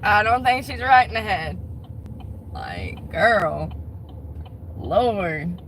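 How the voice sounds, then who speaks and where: A woman's voice: mid-range voice, very animated, drawn-out words, fairly bright tone, slight background noise. A woman who works as a bartender, venting bluntly with lots of swearing in a casual vlog.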